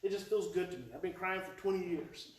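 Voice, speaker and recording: A man in his forties with an Oklahoma accent gives a live parenting workshop, telling stories with emotion and repeating his key points. His voice sits high for a man. The roomy hall and the distance to the mic leave his speech echoey and a bit remote over a faint hiss. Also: quick pace. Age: 40s. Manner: animated, emotional storytelling with repeated phrases. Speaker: parenting educator and presenter. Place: presentation hall before a live audience.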